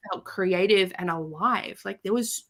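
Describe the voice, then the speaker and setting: With a mid-range voice and a slightly slow pace, a female podcast guest shares a personal story in a relaxed, lively way, performing the quoted voices as she goes.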